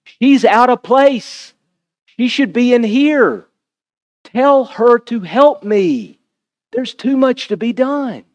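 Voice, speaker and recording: Preacher acting out a frazzled hostess, high-pitched and pleading, drawn-out indignant complaints. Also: male voice, very animated, dry recording, long reverb tail, heavily acted. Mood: exasperated. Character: exasperated overworked woman hosting guests.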